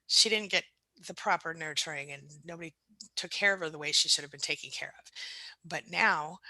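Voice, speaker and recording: Bright-voiced woman hosting a live Q&A. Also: fairly low pitch, no echo, low-quality recording. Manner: emotional, laughing, fillers. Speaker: host. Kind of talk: live Q&A chat.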